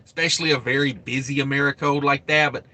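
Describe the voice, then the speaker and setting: A man hosting a casual trucking livestream, thinking out loud about loads and pay and greeting viewers by name. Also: medium pitch, steady tone, quick pace. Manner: rambling, thinks aloud, reads viewer names. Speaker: trucking channel host.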